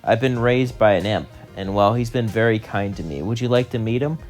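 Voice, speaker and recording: A man's voice: on the low side, fairly quick, a little mellow, soft background music, lightly acted. A man voicing a young princess of hell who is loving toward her adoptive imp dad and fierce toward his captors. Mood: warm.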